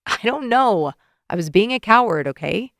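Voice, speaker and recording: A woman narrator voicing an earnest young man who talks softly and quietly, recorded close in a dry studio. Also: animated, normal speed, no echo. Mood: tender. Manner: soft, low-key and hushed.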